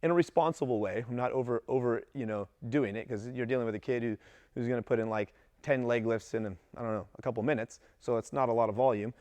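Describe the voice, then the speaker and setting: A man coaching gymnastics coaches in a casual talk, lively and acting out what his athletes say. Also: mid-range voice, fast talker, no room sound. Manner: animated, acts out athletes' voices in quotes.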